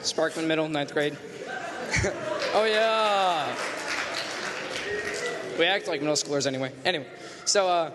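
A teenage boy in ninth grade slowly introducing himself to a group, giggly. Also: fairly high pitch, big-room sound, a loud crowd, very noisy. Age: teens. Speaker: student. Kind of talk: casual storytelling to a group.

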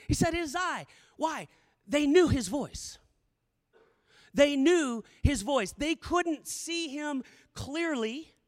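A man's voice: very high-pitched, long reverb tail. A middle-aged male pastor preaching a sermon, telling the story dramatically and repeating phrases for emphasis.

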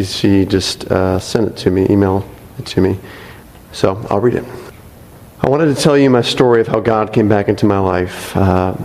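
A man's voice: lowish voice, darkish tone, in a large hall, poor audio. A man reading a congregant's testimony aloud in a church, earnest and breaking off for light asides, speaking into a microphone. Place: church sanctuary.

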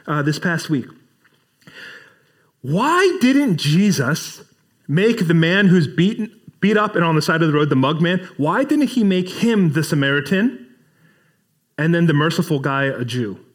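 A male pastor preaching a sermon in a casual, conversational way, acting out bits of dialogue as he retells a Bible story. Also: sits high.

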